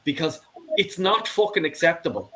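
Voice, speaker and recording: A man's voice: on the high side, big pitch swings, normal speed, a bit bright. A middle-aged man calling in to a show, ranting with passion, swearing and stumbling over repeated words. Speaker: caller. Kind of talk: heated phone-in rant.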